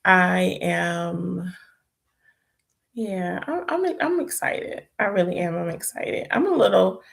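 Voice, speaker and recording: On the low side, slow and gravelly, a young woman's tired-sounding voice carries her casual livestream chat. As host she's chatty and prayerful, speaking to viewers as "y'all."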